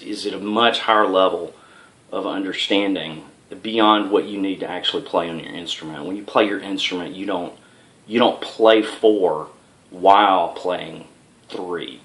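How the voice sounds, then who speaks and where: A man giving a casual music lesson, talking in a relaxed, rambling way with fillers and restarts, and chanting rhythm syllables. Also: low voice. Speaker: music teacher. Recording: echoey room with faint noise.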